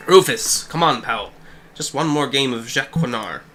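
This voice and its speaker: A man's voice: mid-range voice, expressive, moderate pace, fairly bright tone, soft background music, natural voice. A man reading as a pushy card gambler. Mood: coaxing. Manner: coaxing, insistent.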